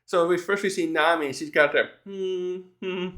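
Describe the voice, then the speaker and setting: A man's voice: high-pitched, fairly even intonation, normal speed, fairly bright tone. A man casually recapping a manga chapter in a rambling, chatty way, with frequent restarts and small laughs.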